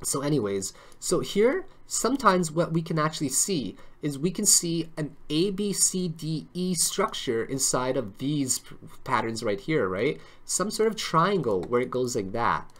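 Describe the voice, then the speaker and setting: Male crypto live-streamer, bright tone, jokey chat style, walks through charts. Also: a little high, big pitch swings, unhurried. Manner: joking, chatty, full of tag questions.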